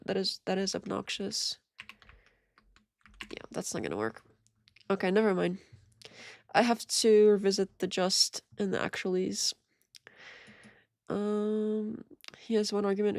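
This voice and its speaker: Woman streamer, gravelly fry in her voice, dry close-mic sound, rambling reaction commentary. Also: mid-range voice, no room sound. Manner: rambling, exasperated, with self-interrupting restarts. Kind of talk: casual live-stream commentary.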